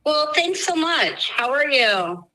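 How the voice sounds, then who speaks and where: A woman calling a radio show who talks slowly and emotionally, close to tears. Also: high voice, big pitch swings, pushed and bright, poor audio. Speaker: caller. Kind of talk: phone-in conversation.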